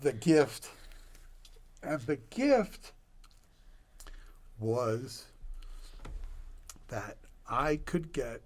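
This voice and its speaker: Older man, slow animated storyteller. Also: mid-range voice. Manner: animated, laughing storyteller with dramatic pauses. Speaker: doctor guest on a podcast. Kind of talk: personal storytelling in conversation.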